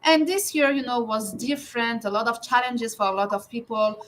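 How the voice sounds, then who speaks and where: Bright, upbeat woman hosting a livestream. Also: fairly high pitch, normal speed, a little hiss or hum, low-quality recording. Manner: upbeat, reads viewer comments aloud. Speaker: livestream host. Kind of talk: casual hosted panel chat.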